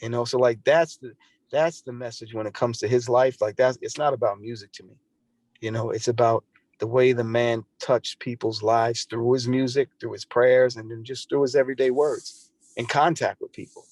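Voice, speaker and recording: A man's voice: mid-range voice, steady tone, moderate pace, a little mellow, no room sound. Earnest man telling a story, dry sound. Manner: earnest, repeats and restarts phrases while recounting. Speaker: podcast guest. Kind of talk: conversational storytelling.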